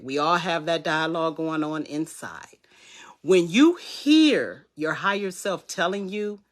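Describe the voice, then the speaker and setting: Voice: medium pitch, a bit bright. A wellness coach giving a live motivational talk in a conversational way, repeating key phrases for emphasis and acting out the inner voices they describe. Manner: conversational, acts out inner voices and quoted dialogue.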